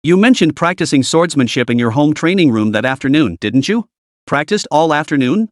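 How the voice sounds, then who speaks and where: A man's voice: on the high side, expressive, fairly quick, no room sound, studio quality, close to an everyday voice. A man voicing a cunning, relentless male interrogator who presses with rising questions. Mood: probing.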